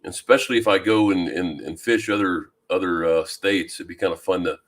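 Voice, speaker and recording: A man from Louisiana hosting a fishing live stream, chatting casually and greeting viewers by name with a deep voice and plenty of ums. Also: fairly quick. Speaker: fishing channel host. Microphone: new microphone.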